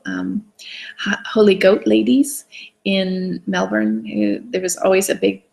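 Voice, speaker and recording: Woman, mid-pitched voice, raspy fry, enthusiastic, rambling casual talk, video call. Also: low-quality recording. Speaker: wellness challenge host. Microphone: video call webcam.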